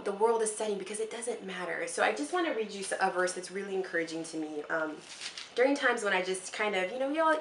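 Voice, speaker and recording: A young woman vlogging to her viewers, talking in an earnest, rambling, encouraging way and close to tears at times. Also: mid-range voice. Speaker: mom vlogger. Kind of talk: casual heartfelt talk to camera. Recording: echoey room with faint ambient noise.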